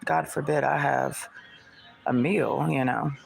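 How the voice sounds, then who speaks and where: A woman's voice: low voice, steady tone, takes it slowly, vocal fry, soft background music, rough recording. A woman vlogger ranting to the camera in an aggrieved, venting way, repeating herself and swearing. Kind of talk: personal rant to camera.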